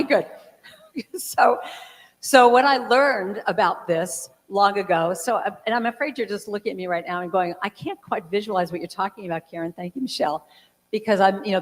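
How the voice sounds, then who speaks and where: A woman in her sixties talking casually to a church congregation, with a chatty storytelling manner full of fillers and acted-out quotes. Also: on the low side. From California. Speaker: guest speaker and singer. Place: large church hall. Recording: reverberant hall.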